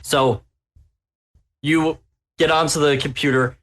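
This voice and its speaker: A man with a fairly high, rather even voice speaks slowly, his tone a little bright. He's the game master of a tabletop horror game, narrating with open glee and savoring the danger his players are in.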